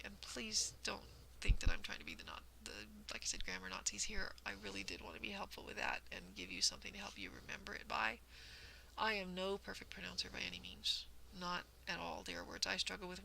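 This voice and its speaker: A woman's voice: medium pitch, vocal fry, slight background noise, rough recording. A woman hosting a cross-stitch vlog, chatting casually and explaining things carefully with a self-deprecating touch. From United States.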